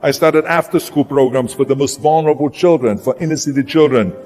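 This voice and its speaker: A man's voice: medium pitch, brisk, darkish tone. A man with a German accent giving a motivational speech, emphatic and repeating words for punch. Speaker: motivational speaker. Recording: long hall reverb with music behind.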